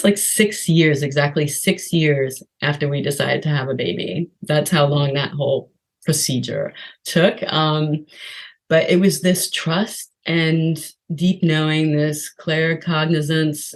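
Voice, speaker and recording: A middle-aged woman from the United States telling her story as a podcast guest, chatty and animated, with frequent laughs and fillers. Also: sits low. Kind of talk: casual storytelling.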